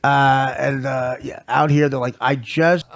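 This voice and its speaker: A man's voice: medium pitch, level tone, a little slow, creaky. A man hosting a comedy podcast, telling rambling, profane stories and laughing often. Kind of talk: comedic storytelling.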